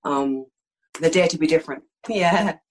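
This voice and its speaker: A middle-aged actress from East London with a slight lisp, telling frank, animated stories in a candid interview. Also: female voice, sits low, moderate pace, slight background noise, poor audio. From East London, England. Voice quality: slight lisp that sometimes creeps in. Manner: frank, animated storytelling with many fillers.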